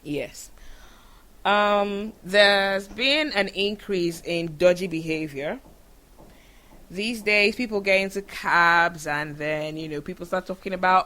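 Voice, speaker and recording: A woman from Nigeria with a Nigerian accent, hosting a show and telling stories in a chatty, animated way full of fillers. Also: fairly low pitch, slow pace. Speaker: podcast host. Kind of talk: casual storytelling monologue.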